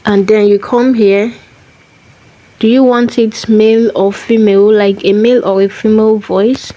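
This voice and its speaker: A woman at an ordinary middle pitch talks through a screen-recorded tutorial in a warm, mellow voice. She moves methodically from one step to the next and often repeats key phrases. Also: little pitch movement, normal speed, low-quality recording. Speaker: tutorial host.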